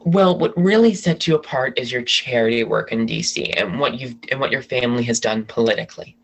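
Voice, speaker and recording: A man's voice: mid-range voice, brisk, gravelly, rough recording. A man from the DC area, a podcast guest chatting casually and rambling through gossip with many restarts. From Washington DC area. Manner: chatty, rambling, self-correcting.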